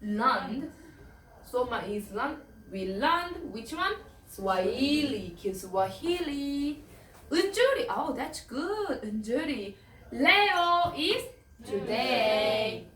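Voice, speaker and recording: Patient teacher woman, lively voice. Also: high-pitched, echoey room, recorded from a distance, slight background noise, poor audio. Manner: patient, repeats words slowly for students. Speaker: Swahili teacher. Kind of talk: language lesson drills.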